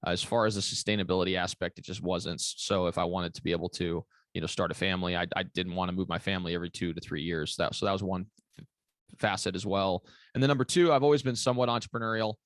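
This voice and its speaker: A man's voice: low-pitched, steady tone, fast, dry recording, studio quality. A man giving long, rambling interview answers as a commercial real estate broker, with many fillers and restarts. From Kentucky.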